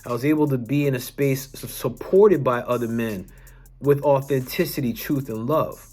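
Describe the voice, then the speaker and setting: A man's voice: medium pitch, normal speed, a little mellow. A young adult man, a wellness coach, telling a personal story to camera in an earnest, emphatic way, restarting sentences and swearing now and then.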